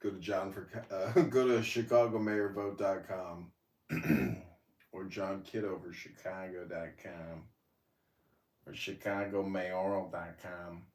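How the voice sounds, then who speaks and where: A man, a candidate hosting his own show, giving relaxed, chuckling closing remarks. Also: low voice, slow, echoey room, distant mic. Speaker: political candidate and podcast host.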